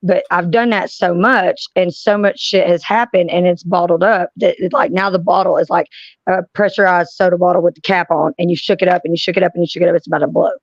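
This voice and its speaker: A woman's voice: fairly low pitch, fairly even intonation, fast talker, no room sound. A woman, chatting casually with friends as a streamer, blunt and profane as she tells stories. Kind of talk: casual chat. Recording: dry, dull lo-fi sound.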